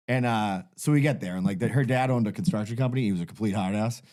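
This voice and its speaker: A man's voice: fairly low pitch, fast talker, darkish tone. A man telling a long, profane, rambling story as a podcast guest.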